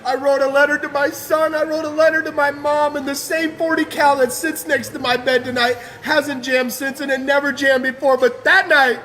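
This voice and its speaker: A man's voice: extremely high pitch, flat delivery, moderate pace, few pauses, bright, forceful tone. A man giving an impassioned personal testimony as a guest speaker, fervent and emotional, with casual slang.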